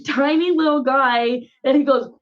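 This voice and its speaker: A woman's voice: sits high, fairly even intonation, normal speed, muffled recording. A woman, a guest musician, chatting on a casual podcast, chiming in to finish stories and laughing often.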